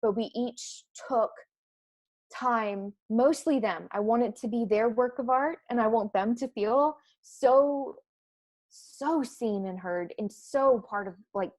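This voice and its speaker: A woman's voice: mid-range voice, a little mellow, no echo. Dry, close-miked female coach. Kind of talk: casual podcast chat.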